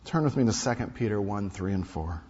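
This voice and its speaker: A male pastor preaching a sermon, emphatic, repeating key lines and swinging between loud and hushed delivery. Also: lowish voice, animated, fairly quick, breathy edge. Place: large hall or sanctuary. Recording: dull sound with long hall reverb.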